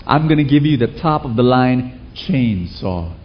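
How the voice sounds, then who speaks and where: A man's voice: mid-range voice, animated, unhurried, natural voice. A man voicing an emphatic male hardware store salesman in a sermon story, on a dull lo-fi recording. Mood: confident.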